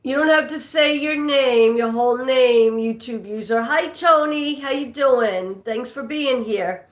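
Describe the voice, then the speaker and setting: Speaking at a measured pace in a high-pitched voice, a New York woman runs a live trivia stream where she chats and reads viewer comments out loud. The room is echoey.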